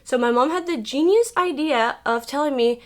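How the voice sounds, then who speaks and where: A woman in her thirties from Mexico, sharing a hard stretch of her life in a personal vlog. Her fairly high voice runs loose and conversational, scattered with "like" and "you know". She speaks candidly and at times comes close to tears. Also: normal speed. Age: 30s. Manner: chatty and candid, many "like" fillers; emotional, fighting back tears. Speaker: beauty vlogger.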